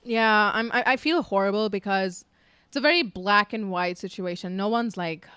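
A woman's voice: mid-range voice, moderate pace, bright, forceful tone, smooth, dry recording. A woman in her twenties chatting candidly on a podcast, full of likes and asides. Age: 20s. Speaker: podcast co-host. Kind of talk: casual chat.

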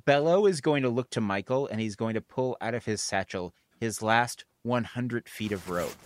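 A man playing a tabletop game, talking in a deadpan, dry way. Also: medium pitch, moderate pace, a little hiss or hum. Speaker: player.

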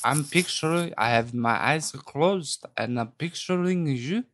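A man's voice: a little high, unhurried, a bit bright, no echo, studio quality, pitched below the performer's own voice. A man voicing a creepy, flirtatious German man on a phone call, talking in a smarmy, suggestive way. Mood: leering.

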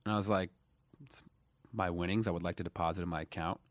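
A man in his thirties from Dallas, telling stories in a casual interview, animated, swinging between loud emphasis and quiet asides. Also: low voice, fast talker, dry recording, studio quality. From Dallas, USA. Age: 30s. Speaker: guest.

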